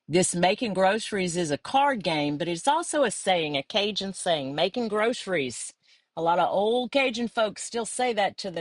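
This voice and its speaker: A woman's voice: on the low side, dry recording, studio quality. A middle-aged woman from Louisiana with a South Louisiana accent, chatting fondly and meandering through a craft flip-through.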